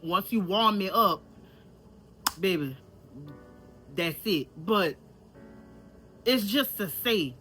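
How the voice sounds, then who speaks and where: A woman's voice: mid-range voice, bright, forceful tone. A woman with a country Louisiana accent, talking candidly and casually to her viewers in a vlog. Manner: candid, chatty, repeats herself, addresses viewers directly. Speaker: vlogger. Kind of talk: casual vlog talk to camera.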